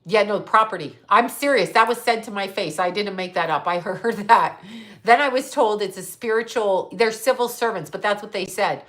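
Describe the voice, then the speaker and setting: A woman's voice: mid-range voice, normal speed, a bit bright. Blunt, swearing middle-aged woman ranting. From Canada. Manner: answers viewer comments. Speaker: psychic livestream host. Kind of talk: livestream monologue.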